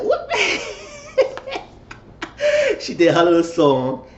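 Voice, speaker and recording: A man talking through a casual reality TV recap at a mid-range pitch, slipping into the voices of the people he quotes. The room is echoey and the sound is a little dull, with a faint noise underneath. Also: fairly quick. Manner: animated, acts out quoted dialogue. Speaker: show reviewer.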